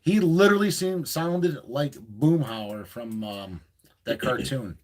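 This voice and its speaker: Man, gruff and joking, mid-pitched voice, casual storytelling. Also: expressive, slow pace. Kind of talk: casual livestream chat.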